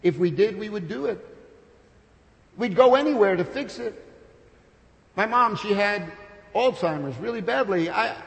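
A man preaching a sermon with passion, building to loud peaks and then dropping to soft, intimate storytelling. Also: high-pitched, expressive, measured pace, creaky, long pauses. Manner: impassioned, builds to shouts, then drops soft. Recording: long hall reverb.

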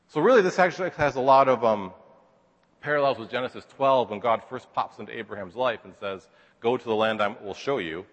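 A man's voice: mid-range voice, brisk, in a large hall, muffled recording. A man teaching a Bible lesson in a casual, chatty way, full of asides and rhetorical questions.

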